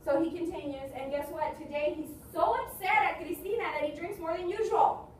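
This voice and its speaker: A woman telling a folk tale aloud to students, lively and chatty with quick asides to her listeners. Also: extremely high pitch, slight background noise. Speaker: storyteller. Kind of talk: oral storytelling to students. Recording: echoey room from far off.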